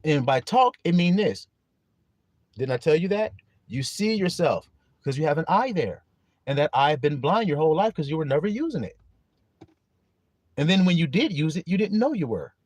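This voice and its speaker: Lively, joking man streaming live. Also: on the high side, normal speed, long pauses, no room sound. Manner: animated, profane, joking storytelling. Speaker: livestream host. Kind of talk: casual livestream monologue.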